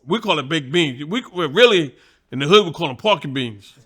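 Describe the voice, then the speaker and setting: High, bright-voiced New York man. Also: fairly quick, breathy edge. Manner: profane, animated, laughing. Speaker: guest, boxing trainer. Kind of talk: casual storytelling.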